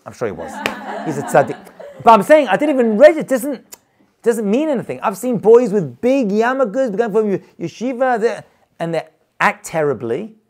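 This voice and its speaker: A man's voice: high-pitched, sing-song, moderate pace, a little mellow. A man, a rabbi, teaching a live class in an informal, emphatic way, repeating points and chuckling as he goes. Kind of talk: lively informal lecture to a live group.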